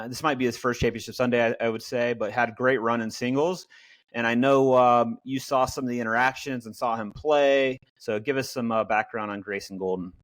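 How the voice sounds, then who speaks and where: A man's voice: medium pitch, fairly bright tone, dry recording. Podcast host guy recapping stuff, dry close mic, mid voice. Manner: steering the talk, quick recaps. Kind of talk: casual podcast chat.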